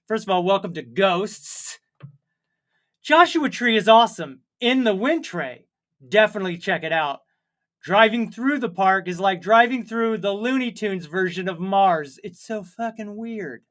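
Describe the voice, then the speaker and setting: Co-hosting a comedy livestream, a man chats casually and reads viewer comments aloud, rambling and joking at his own expense. His voice is high-pitched and a bit bright.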